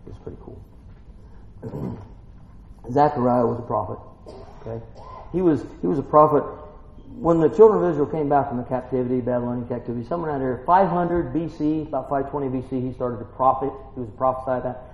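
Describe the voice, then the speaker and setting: A man preaching a folksy Bible-teaching sermon, swinging between quiet musing and excited exclaiming. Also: medium pitch, gravelly. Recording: echoey room, muffled lo-fi sound.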